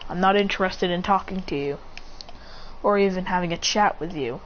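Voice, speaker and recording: A woman's voice: on the low side, normal speed, natural voice. A woman voicing an aloof, rule-breaking teenage boy ninja who talks in a dismissive, bored drawl. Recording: slightly muffled with faint hiss.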